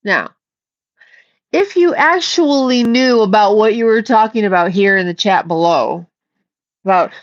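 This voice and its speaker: This livestream host reads the chat aloud and scolds a viewer in a blunt way, swearing freely. Her voice is a little high, animated, and a little slow, and the recording is dry, slightly dull lo-fi audio.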